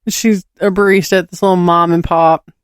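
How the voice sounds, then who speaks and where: A woman's voice: fairly even intonation, fairly quick, clear, resonant tone, no room sound. A woman with a Southern American accent, co-hosting a podcast and improvising a rambling story, hesitant and full of restarts. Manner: rambling, hesitant, voices characters with small pitch lifts. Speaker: podcast co-host.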